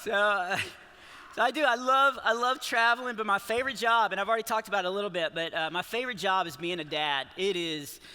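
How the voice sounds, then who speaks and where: A man in his forties performs a stand-up comedy set in a large church auditorium. His voice sits high and very bright, and he keeps restarting his sentences with small chuckles. A long hall reverb trails after his words. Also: fast talker, clear, resonant tone. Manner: rambling, self-interrupting, chuckling storyteller.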